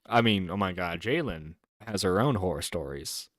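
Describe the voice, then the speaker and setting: Male streamer host, low voice, sarcastic and rambling, dry close sound. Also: expressive, moderate pace, no room sound. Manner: sarcastic, rambling with fillers and laughs. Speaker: livestream host. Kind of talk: casual commentary on a clip.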